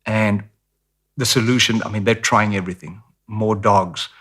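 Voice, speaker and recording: A man's voice: lowish voice, steady tone, normal speed, fairly bright tone. A middle-aged man with a South African accent, candidly telling stories as an interview guest. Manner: candid, storytelling, acts out voices of others. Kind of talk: casual interview talk.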